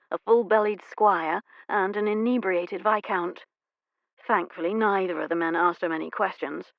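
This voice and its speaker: A woman narrating a romance audiobook in a measured, even storytelling manner. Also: fairly low pitch, gravelly, no room sound, muffled recording. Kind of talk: scripted narration.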